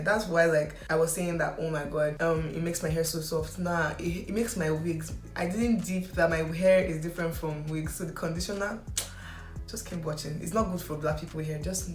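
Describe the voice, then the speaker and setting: A young woman with a low voice chats casually to her viewers and pokes fun at herself. She sprinkles "like" through almost every line. The recording has a roomy echo and faint music underneath. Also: sharp tone. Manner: chatty, self-mocking, full of "like". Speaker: beauty vlogger. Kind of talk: casual chat to camera and voice-over commentary.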